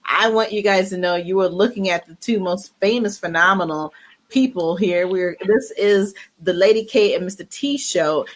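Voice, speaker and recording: A woman's voice: mid-range voice, moderate pace. A woman co-hosting a casual podcast, upbeat and talkative, with many fillers and restarts. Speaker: podcast co-host.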